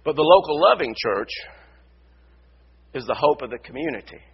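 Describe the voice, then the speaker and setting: Husky-voiced preacher delivering a sermon. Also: male voice, mid-range voice, wildly swooping pitch, normal speed, dull audio. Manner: repetitive, builds to shouted emphasis. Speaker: pastor. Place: church sanctuary.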